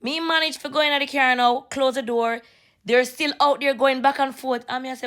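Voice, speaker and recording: A young woman casually telling a story, animated and slipping into patois. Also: sits high, fairly quick. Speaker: vlogger.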